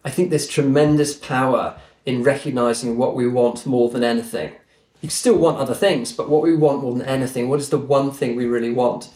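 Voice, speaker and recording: Earnest man in an echoey room. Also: mid-range voice. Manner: earnest, animated storyteller. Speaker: podcast guest. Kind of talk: conversational storytelling. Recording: roomy echo.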